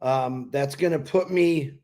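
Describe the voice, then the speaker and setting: A man's voice: medium pitch, a little slow, warm tone. An older retired man with a congested voice, talking in an easygoing, reflective way on a pre-recorded show and laughing now and then. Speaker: co-host. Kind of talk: pre-recorded casual talk.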